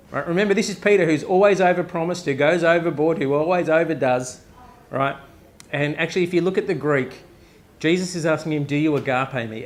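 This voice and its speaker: A man with an Australian accent preaching a casual, joking sermon at a live chapel service, often tossing in a quick "right?" to the crowd. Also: on the high side. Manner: conversational, joking, frequent "right?" asides. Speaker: pastor.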